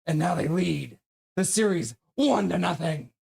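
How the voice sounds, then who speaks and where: A man with a high-pitched voice hosts a live hockey reaction stream, calling plays and reading viewer messages aloud in an excitable rush. The sound is dry and close, with no room around it. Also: unhurried, vocal fry, slightly rough, no room sound. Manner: excitable play-by-play, reads chat aloud.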